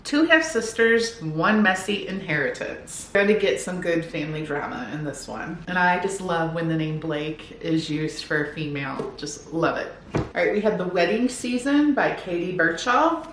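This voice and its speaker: With a fairly low, expressive, somewhat bright voice and a moderate pace, a book vlogger talks upbeat and casually about her new books from home. She occasionally reads back-cover blurbs aloud. The room echoes, and there's faint background noise.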